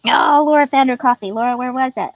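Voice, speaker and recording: Her voice sits high and gravelly, and she talks at a quick pace as she hosts a laid-back livestream, reading comments aloud, giggling often, and ribbing her viewers. The recording sounds muffled.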